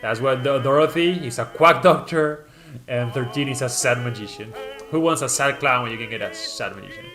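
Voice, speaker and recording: Guy rambling on his stream, mid pitch, reading chat out loud, tons of ums and restarts, faint music behind. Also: fairly quick. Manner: rambling, with frequent fillers and restarts. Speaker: streamer presenting his channel mascot. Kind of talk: casual live-stream chat, reading viewer comments aloud.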